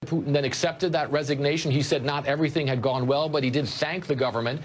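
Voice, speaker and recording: A male news correspondent giving a measured live report. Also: a little high, fairly even intonation, slight background noise. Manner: measured, informative.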